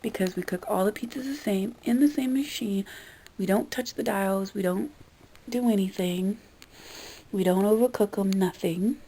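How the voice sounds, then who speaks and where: A woman's voice: medium pitch, normal speed, mellow, a little hiss or hum, low-quality recording. A young woman vlogging a casual rant, exasperated and swearing, now and then mimicking the people she talks about. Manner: exasperated, swearing, mimics customers in quoted voices. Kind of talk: casual ranting monologue.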